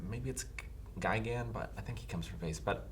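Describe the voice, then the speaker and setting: A young man co-hosting a reaction show, thinking out loud and speculating casually. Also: on the low side, normal speed. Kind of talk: casual discussion. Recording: faint background noise.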